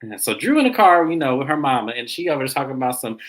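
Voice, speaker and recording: A woman hosting a casual TV recap, telling the scenes with lively, animated delivery. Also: rumbling low, racing. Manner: animated storyteller, acts out the people she describes. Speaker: recap show host.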